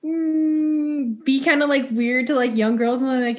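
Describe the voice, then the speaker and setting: A woman's voice: high-pitched, steady tone, measured pace, dull audio. A young woman co-hosting a podcast, rambling with lots of fillers and giggling. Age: young adult. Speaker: podcast co-host. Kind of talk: casual chat.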